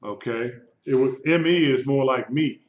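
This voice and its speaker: A man teaching a live Hebrew lesson, speaking slowly and patiently and repeating words for his students. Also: medium pitch. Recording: lo-fi echoey room recording.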